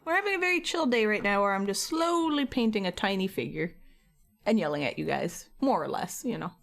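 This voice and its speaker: A woman's voice: mid-range voice, lively intonation, a little fast, vocal fry. A woman art streamer chatting casually and teasingly with her viewers while painting, laughing often and fighting a slight cough.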